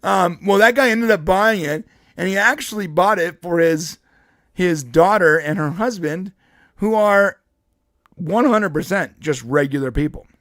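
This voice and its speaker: A man's voice: high voice, measured pace, a bit bright, no echo, studio quality. A man co-hosting a podcast, telling a long rambling neighborhood story in casual chat, with frequent restarts and laughs. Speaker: podcast co-host.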